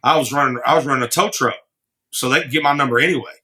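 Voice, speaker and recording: Singer-songwriter guy on a podcast, rambly, bright voice, starts over a lot. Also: medium pitch, rapid-fire. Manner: rambling, frequent restarts, laughs easily. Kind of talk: casual storytelling.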